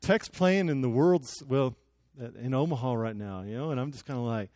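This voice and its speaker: A man's voice: mid-range voice, very animated, moderate pace, pauses often, a little mellow, no room sound. A young man preaching a sermon, telling the story with jokes and acted-out quotes. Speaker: pastor.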